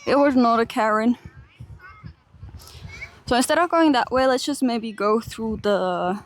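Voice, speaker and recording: Young finnish girl walking a park on stream, giggly, talks to chat, a bit high pitched. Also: measured pace, slight background noise. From Finland. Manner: chatty, giggly, reads and answers chat while walking. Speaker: IRL streamer. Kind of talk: casual live-stream chat. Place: large park outdoors.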